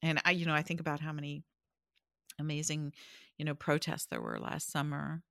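A woman author and preacher telling a personal story in conversation, animated, laughing often and restarting her sentences. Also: deep voice, brisk, creaky, no room sound, studio quality.

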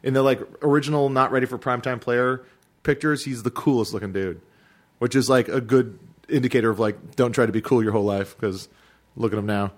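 A man's voice: medium pitch, a little fast. A man in casual podcast chat, rambling and hesitant, full of fillers as he talks.

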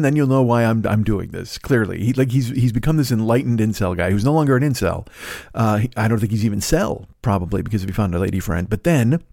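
A middle-aged man rants profanely as a comedy podcast host, exasperated and scoffing. His voice sits at an ordinary male pitch. The recording is dry and close. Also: warm tone, no echo.

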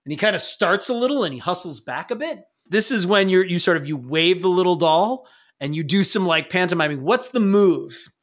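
A man narrating as game master of a tabletop game, playful and quick to laugh. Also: high voice, lively intonation, a bit bright.

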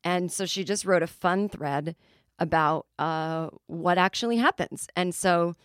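A woman's voice: fairly low pitch, no echo. Rambling woman comic, dry close sound. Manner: rambling, self-interrupting storyteller with quick asides. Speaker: podcast host. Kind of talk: casual comedic monologue.

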